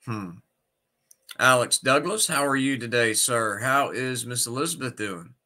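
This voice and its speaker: Man, sick, livestream host, casual chat, greets each viewer by name, sharp bright tone. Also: mid-range voice, measured pace.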